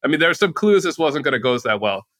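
A man being interviewed as an author, telling animated anecdotes with casual fillers and acted-out quotes. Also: a little high, quick pace, no room sound. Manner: lively, acts out quotes with raised voice, casual "like" fillers. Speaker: guest author and journalist.

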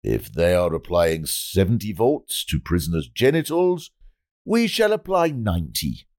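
A man's voice: low voice, huge pitch swings, a little slow, darkish tone, voice pushed down, exaggerated voice. A man voicing a pompous male government minister giving a solemn, mock-official speech.

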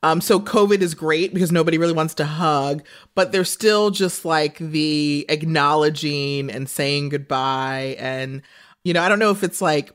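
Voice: mid-range voice, unhurried, fairly bright tone. A podcast co-host chatting casually in a rambling way and laughing often.

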